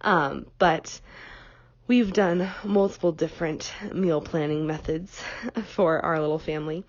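Soft-spoken young woman, a bit nasal. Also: low voice, measured pace, no room sound, lo-fi sound. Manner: relaxed, frequent ums, conversational. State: slightly nasal from a cold. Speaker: podcast host. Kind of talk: casual solo podcast chat.

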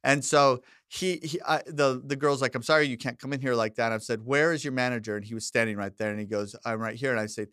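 A man's voice: medium pitch, fast, hardly any pauses, smooth, no echo, clean studio sound. A middle-aged man co-hosting a podcast, telling a story in casual chat and acting out the back-and-forth of what was said. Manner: animated storyteller who acts out quoted exchanges. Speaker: podcast co-host.

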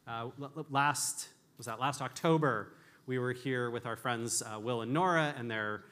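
A man tells stories from the stage in a candid, self-deprecating keynote talk. His voice is bright and forward, and his pitch sits in a middle range. He often restarts his sentences as he thinks aloud. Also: moderate pace. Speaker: conference speaker.

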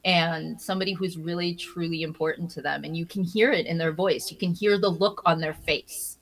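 A woman with a slightly low voice speaks as an interview guest in relaxed conversation. She tells stories with energy, laughs easily and often stumbles over her opening words. Her delivery is lively and personal. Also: moderate pace, poor audio. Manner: animated storyteller, repeats words when starting, laughs often.

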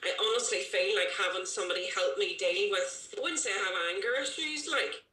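A woman's voice: mid-range voice, brisk, sharp tone. A woman talking casually and emotionally on a podcast, rambling with restarts and often laughing. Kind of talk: casual chat. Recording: echoey room, faint background noise.

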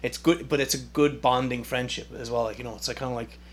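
A man's voice: medium pitch, steady tone, fast, slight background noise. A man hosting a podcast in a casual solo rant, sarcastic and profane, rambling with lots of fillers. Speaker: podcast host.

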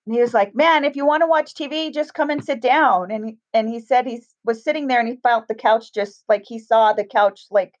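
A woman's voice: fairly high pitch, a little fast, hardly any pauses. A middle-aged woman casually telling a story, acting out the voices of the people in it. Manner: animated, acts out quoted voices. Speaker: guest telling a ghost story. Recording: dull, lo-fi sound.

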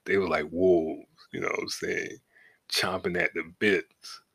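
A man's voice: deep voice, steady tone, a little slow, a bit bright, husky. A middle-aged man telling a personal story on a podcast in a loose, profane, laid-back way, often asking "you know what I'm saying". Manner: shifts from laid back to heated as the story builds. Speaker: podcast host. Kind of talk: casual storytelling.

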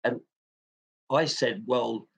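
A man, a football club chairman, telling an anecdote in a lively way, chuckling often and restarting his sentences with fillers. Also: medium pitch, slow, creaky, breathy edge. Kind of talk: anecdotal storytelling.

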